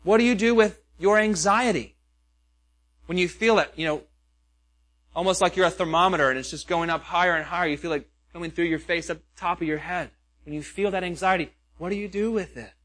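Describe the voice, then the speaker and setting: A man's voice: high-pitched, fairly quick, a bit bright. A pastor preaching a sermon, earnest and questioning, with many rhetorical questions to his listeners.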